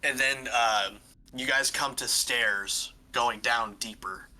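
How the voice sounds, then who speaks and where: A man's voice: mid-range voice, takes it slowly, bright, forceful tone. A man running a tabletop game as game master, describing scenes in a loose, rambling way full of "like" and restarts.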